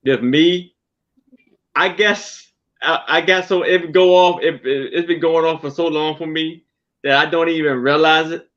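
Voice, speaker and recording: A man speaking as a guest in a casual chat, halting and repeating words as he goes. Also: a little high, fairly even intonation, fairly bright tone, lo-fi sound. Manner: halting, repeats words while he searches for them.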